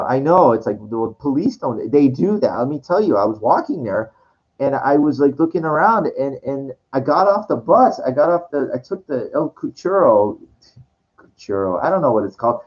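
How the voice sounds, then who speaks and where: A man's voice: medium pitch, animated, normal speed, darkish tone. A man telling a rambling personal story full of restarts and swearing, breaking into quoted voices. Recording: dull lo-fi recording.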